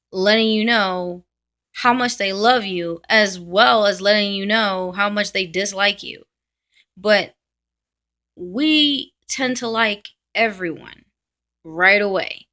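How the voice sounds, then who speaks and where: A woman's voice: mid-range voice, takes it slowly, sharp tone. A woman vlogger talking bluntly to camera in a casual, ranting monologue.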